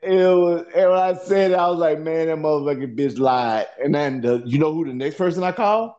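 A man's voice: a little high, brisk, darkish tone, highs cut off. A man telling a long profane story in a casual podcast chat, rambling and repeating "you know what I'm saying" as he goes.

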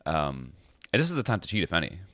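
A man co-hosts a podcast, joking at his own expense in loose chat. His voice is very deep yet swings widely in pitch, and it sounds bright. The recording is dry. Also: wildly swooping pitch, fast talker, no echo. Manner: jokey and self-mocking. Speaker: podcast co-host. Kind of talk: casual chat.

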